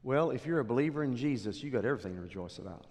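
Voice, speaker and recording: A middle-aged male pastor preaching a sermon in a church, dropping low and then rising to emphatic exhortation. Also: expressive, very fast, a little mellow. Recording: long hall reverb.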